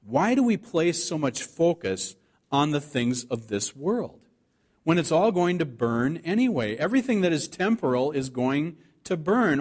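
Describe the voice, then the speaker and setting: A man preaching a sermon, reading scripture aloud and slowing down to stress the key words. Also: fairly high pitch. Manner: earnest preaching, slows to stress scripture quotes. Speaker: pastor.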